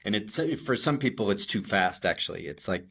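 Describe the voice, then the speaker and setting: Guy with a lowish voice, laid back podcast cohost, kinda halting. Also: lively intonation, vocal fry, fairly bright tone, breathy edge. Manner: easygoing, asks open questions with hesitant pauses. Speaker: podcast co-host. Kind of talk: casual conversation.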